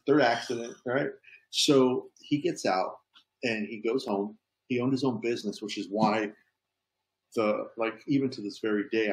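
A man's voice: on the low side, low-quality recording. A police officer telling a story in a casual, easygoing way, often tossing in "man". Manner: easygoing, peppers talk with "man".

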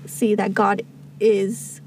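A young woman co-hosting a casual faith podcast, giggly and quick with asides. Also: medium pitch, little pitch movement, darkish tone, slight background noise. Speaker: podcast co-host.

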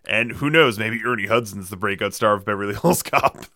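A man's voice: lowish voice, normal speed, sharp tone, dry recording, studio quality. A man hosting a casual movie podcast, reeling off trivia in a wry, sardonic way with plenty of fillers.

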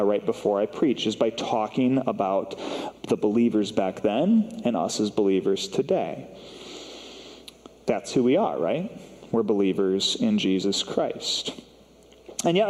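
A man's voice: mid-range voice, a little mellow, big-room sound, poor audio. A man preaching a sermon as a pastor, in a conversational, self-deprecating way with casual fillers. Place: church sanctuary.

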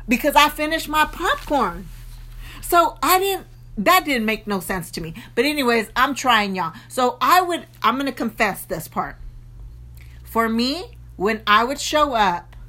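Woman, bright voice, a bit high, animated, confessional, chatting to listeners. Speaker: podcast co-host. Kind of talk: casual faith talk with her husband.

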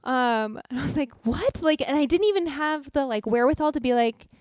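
A woman's voice: sits high, fairly quick, dry recording, clean studio sound. A young American woman co-hosting a casual travel podcast, telling stories with lots of laughter. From United States. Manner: animated storytelling, laughs often. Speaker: podcast co-host.

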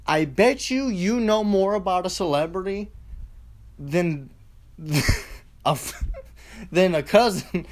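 Profane rambling podcast man. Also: high-pitched. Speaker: podcast host. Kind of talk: solo podcast rant.

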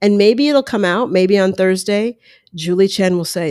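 A woman's voice: on the low side, moderate pace, darkish tone, no room sound, studio quality. A woman hosting a podcast at home, talking through her opinions in a casual, conversational way with asides. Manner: conversational, talks through ideas with asides and quoted voices. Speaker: podcast host. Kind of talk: casual solo commentary. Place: room at home. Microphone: headphones and close mic at home. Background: dog lapping water.

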